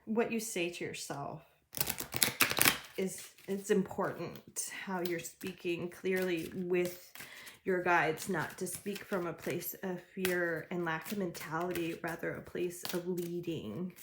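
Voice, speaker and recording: A woman's voice: on the low side, steady tone, slow, noisy background. A woman giving a general tarot reading, talking in an encouraging, chatty way and laughing often. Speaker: tarot reader.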